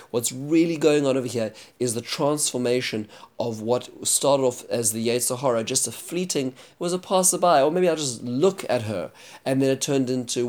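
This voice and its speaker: A man's voice: mid-range voice, darkish tone. A man teaching a Bible chapter, retelling the story earnestly and explaining it.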